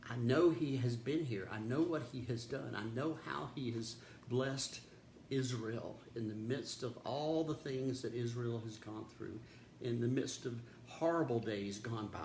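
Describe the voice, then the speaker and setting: A man serving as pastor, reading scripture and giving a reflective, earnest devotional talk. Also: mid-range voice. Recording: roomy echo with faint background noise.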